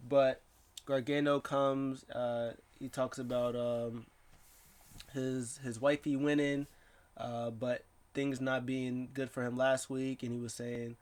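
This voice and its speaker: Excitable man rambling through a wrestling recap. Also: medium pitch. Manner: rambling and excitable, with quick voices for the people he quotes. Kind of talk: casual rundown.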